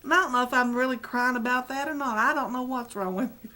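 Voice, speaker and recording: A woman's voice: sits high, a little fast, bright, forceful tone. Teary middle-aged woman chatting. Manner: rambling, self-deprecating, chatty. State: teary, close to crying. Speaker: video blogger. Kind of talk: casual chat to camera.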